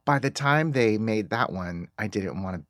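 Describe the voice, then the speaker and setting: A middle-aged American man, a screenwriter being interviewed, telling self-deprecating stories in a casual, animated way. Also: on the low side, normal speed, no room sound, studio quality. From United States. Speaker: screenwriter guest.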